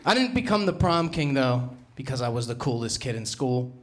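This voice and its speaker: A young man from New Jersey with a Jersey accent, doing a brash, self-mocking stand-up set and punching out loud acted-out quotes. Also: medium pitch, very animated, normal speed. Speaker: stand-up comedian. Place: comedy club stage. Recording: live room with audible crowd noise. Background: audience laughter.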